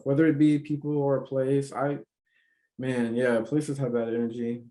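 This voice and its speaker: A man's voice: mid-range voice, level tone, normal speed, dark tone. A man hosting a casual conversation, talking emphatically with lots of fillers and swearing. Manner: emphatic, profane, filler-heavy. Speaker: podcast host.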